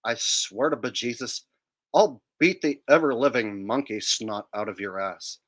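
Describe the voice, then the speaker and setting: A man doing an impression of a dumb, smug teen cartoon boy, sneering and bossy in a low drawl. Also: measured pace, fairly bright tone. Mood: threatening.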